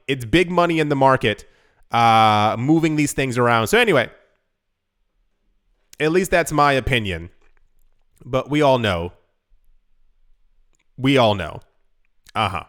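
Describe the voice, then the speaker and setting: A man's voice: mid-range voice, animated, moderate pace, a bit bright, smooth. A man hosting a solo crypto channel, talking casually and rambling, who runs out of breath while reading long lists. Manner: rambling, self-deprecating, rattles off long lists.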